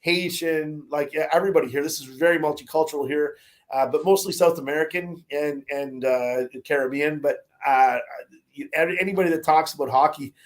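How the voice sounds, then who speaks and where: A man co-hosting a loose sports chat over a remote call. His voice sits a bit high for a man, and he rambles through stories with lots of uhs and restarts. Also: brisk. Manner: rambling, full of fillers and restarts. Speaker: podcast co-host. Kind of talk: casual chat. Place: Caribbean, remote.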